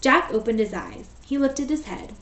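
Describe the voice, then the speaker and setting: A woman teacher reading a storybook aloud in a steady, gentle way. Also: high-pitched, normal speed. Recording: echoey room, voice far from mic.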